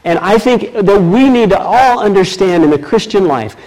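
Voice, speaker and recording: Poorly recorded, this sermon features a male pastor reading scripture with slow, emphatic force. His delivery rises and falls in pitch with real liveliness.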